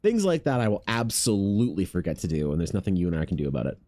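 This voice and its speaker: Streamer guy rambling, lots of like and swearing, lowish mellow voice, faint music behind. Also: big pitch swings, rapid-fire. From Canada. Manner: rambling, heavy "like" filler, profane. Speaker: art streamer. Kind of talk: casual stream chat.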